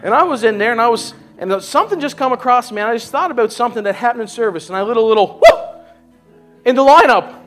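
A man's voice: extremely high pitch, lively intonation, racing, few pauses, a bit bright, soft background music. A man preaching as a pastor at a church service, urging the congregation on. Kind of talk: sermon and altar call.

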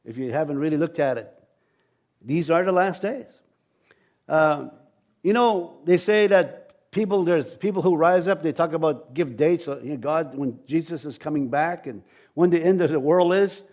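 A man's voice: on the high side, lively intonation, normal speed, a little mellow. A man preaching an informal, rambling sermon, often asking his congregation questions.

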